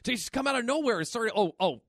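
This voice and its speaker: High-pitched dude rambling thru a comic recap, lots of uhs, dry mic. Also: male voice, fast, no room sound. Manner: excited rambling retelling with many fillers. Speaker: podcast co-host. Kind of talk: casual comic book chat.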